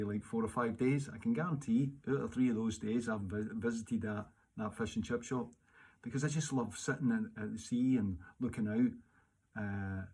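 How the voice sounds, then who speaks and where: Rambling glaswegian guy answering fan questions, husky and a bit low, lots of uhs. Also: darkish tone. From Scotland. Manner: rambling, chatty, with many fillers and restarts. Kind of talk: casual solo Q&A video. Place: home during lockdown.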